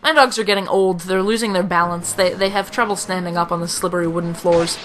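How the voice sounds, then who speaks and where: Bright, dry young woman gaming. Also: on the low side, fairly even intonation, fast, soft background music, rough recording. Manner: dry, rambling, self-mocking asides. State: slightly rough throat. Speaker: let's play commentator. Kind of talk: video game commentary. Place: home room.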